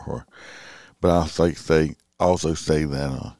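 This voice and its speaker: Middle-aged man, extremely low voice, dry close sound, halting and rambling, casual late-night talk. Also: steady tone, darkish tone, no room sound. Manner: rambling, halting, many fillers and restarts. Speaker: police officer vlogger.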